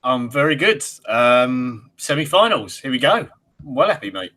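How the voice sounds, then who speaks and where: A man co-hosting a fan podcast, laid-back and blunt, dropping casual swears. His voice is bright and forward, at an ordinary pitch. He sounds relaxed and unbothered. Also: unhurried. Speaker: podcast co-host.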